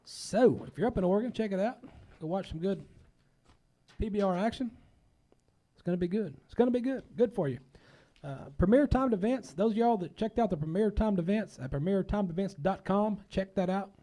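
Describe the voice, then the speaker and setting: A man's voice: sits high, expressive, fairly quick, dark tone. A man hosting a casual talk show, folksy and rambling, a bit under the weather.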